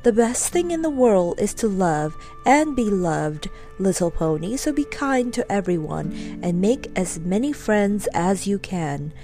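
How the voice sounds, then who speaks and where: A woman voicing a gentle, wise mother pony in a storybook reading, speaking in a soothing, motherly way. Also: medium pitch, lively intonation, unhurried, faint music behind.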